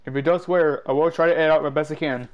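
Excitable high-voiced man playing a game. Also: fast talker. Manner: excitable, yelps and shouts at mishaps. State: stuffy nose, sneezing. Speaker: gaming YouTuber. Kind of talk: casual gameplay commentary.

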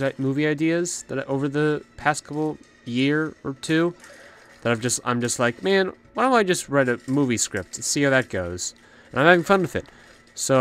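A man's voice: medium pitch, fairly bright tone. A young man hosting a let's play, chatting about his plans and talking to the enemies on screen, a little out of breath. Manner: chatty, talks to the game's enemies. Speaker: gaming channel host.

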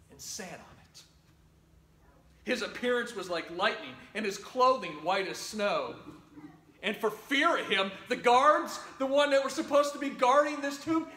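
Animated preacher, bright echoing voice. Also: male voice, high voice. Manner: dramatic, acts out news-report voices. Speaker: pastor. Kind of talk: storytelling Easter sermon. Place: church sanctuary. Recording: echoey church room.

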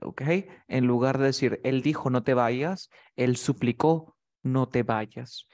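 Slow-talking man teaching English vocabulary. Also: medium pitch, fairly even intonation, darkish tone. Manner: patient, repeats points and checks understanding. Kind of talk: bilingual vocabulary lesson with a student.

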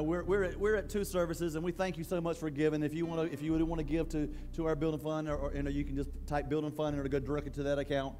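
A male pastor preaching a sermon in a church, in a conversational, halting way that often repeats words. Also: fairly high pitch, darkish tone.

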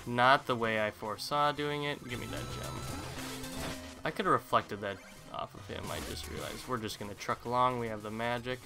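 A man's voice: mid-range voice, fairly even intonation, normal speed, music in the background. A man giving casual, rambling let's play commentary, chatty and self-deprecating as he plays. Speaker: gaming channel host.

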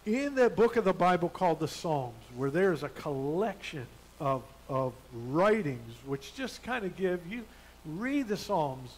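High-voiced man preaching a sermon. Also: a little mellow, a little hiss or hum, rough recording. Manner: conversational, with many fillers and restarts. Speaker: pastor. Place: church.

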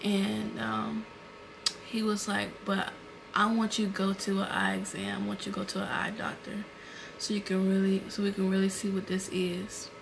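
A woman's voice: mid-range voice, moderate pace, gravelly. Young woman vlogging at home on a camera mic, emotional storytime, faint hiss in the background. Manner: emotional, animated retelling with fillers.

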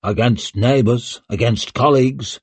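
A man voicing an eager, flattering male nobleman caught up in a plot. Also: mid-range voice, measured pace, breathy edge, dry recording.

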